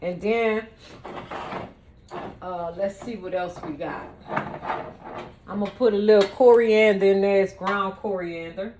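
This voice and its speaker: Background noise accompanies a woman with a medium-pitched voice who speaks at a measured pace with long pauses. A home cook and vlogger, she gives a casual cooking demonstration in her kitchen, chatting playfully and addressing viewers directly.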